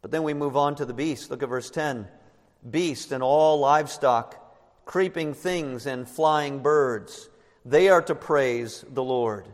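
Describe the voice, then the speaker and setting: Male pastor, slightly higher-pitched, emphatic sermon delivery, long church reverb. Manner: emphatic preaching, slows down on key words. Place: church sanctuary.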